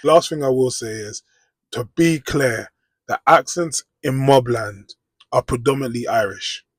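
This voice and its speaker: A British man talks to camera in a loose, rambling way. He keeps asking "do you know what I mean". His voice is slightly husky, mid-pitched, and recorded close and dry. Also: a little slow, no room sound. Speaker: vlogger. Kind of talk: casual reaction commentary.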